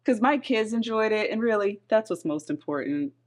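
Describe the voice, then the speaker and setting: A woman's voice: mid-range voice, animated, moderate pace. Laughing, blunt woman podcast co-host. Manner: laughs often, blunt and swears casually. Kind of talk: casual chat and reading forum posts aloud.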